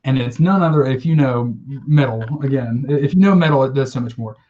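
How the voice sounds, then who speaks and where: Male podcast co-host, casual and emotional, mid pitch, slightly muffled recording. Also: a little fast, mellow. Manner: enthusiastic, emotional storytelling with swearing. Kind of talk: casual chat.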